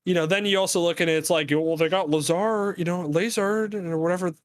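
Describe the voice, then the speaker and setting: High-voiced man ranting about sports. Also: fairly quick, no room sound. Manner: animated rambling rant with many fillers. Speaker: podcast co-host. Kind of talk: casual sports chat.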